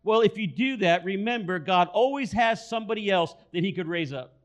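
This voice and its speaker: A man with a high, expressive voice preaches a sermon at a slightly quick pace. He tells a story, repeats key phrases for emphasis, and acts out the voices he quotes.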